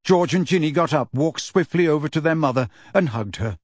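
Man, audiobook narrator, measured storytelling, slightly high, dry sound. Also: lively intonation, darkish tone, no echo. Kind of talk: scripted narration.

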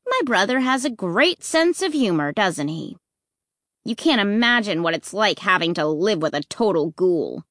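A woman reads a children's story aloud in an expressive, measured way. Her delivery is slow and her pitch moves a great deal. The sound is close and dry. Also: no echo. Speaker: narrator. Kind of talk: storybook narration.

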